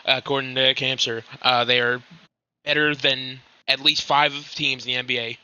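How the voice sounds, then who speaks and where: Guy on a muffled voice chat, flat monotone, sharp bright tone, trips over words. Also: medium pitch, normal speed, clear, resonant tone. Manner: stumbling, self-correcting. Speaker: caller. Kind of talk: casual sports chat. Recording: dull lo-fi voice chat.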